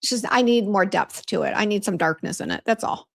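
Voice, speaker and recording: Brisk and expressive, her mid-range voice carries vocal fry. As a beauty brand host on a casual livestream, she chats and vents while reading viewer comments out loud.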